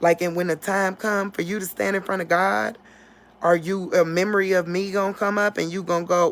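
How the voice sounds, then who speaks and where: A woman giving an informal spiritual talk on a livestream. She laughs often and acts out quotes in a loud voice. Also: lowish voice, fairly even intonation, brisk. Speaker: online preacher.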